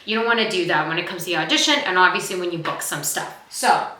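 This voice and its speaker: Bright-voiced woman coaching vocal warmups. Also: lowish voice, roomy sound, poor audio. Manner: fast-talking, chatty, demonstrates exercises aloud. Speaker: acting coach.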